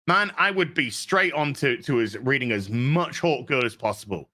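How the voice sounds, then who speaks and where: A man co-hosts a casual podcast chat with a bright, forward tone. His critique is blunt, scathing and sprinkled with profanity. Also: fairly high pitch, sing-song, moderate pace. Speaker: co-host.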